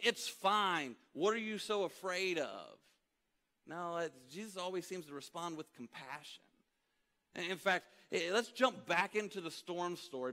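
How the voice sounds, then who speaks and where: A man preaching a sermon as pastor, telling a story in an animated way and acting out the voices of those in it. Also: high voice. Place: church auditorium. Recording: long hall reverb.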